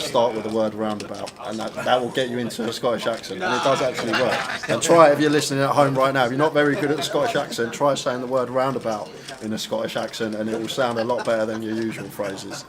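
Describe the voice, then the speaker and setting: A man commentating on a live poker stream, chatting casually with stammering restarts and frequent laughter. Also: mid-range voice.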